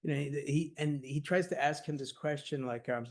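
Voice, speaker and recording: Man, fairly high voice, guest academic speaker, eager and chatty, piles up fillers. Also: fairly even intonation, a little mellow. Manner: enthusiastic, rapid, full of "like" and "you know". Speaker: guest speaker at a scholarly workshop. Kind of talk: animated conversational lecture.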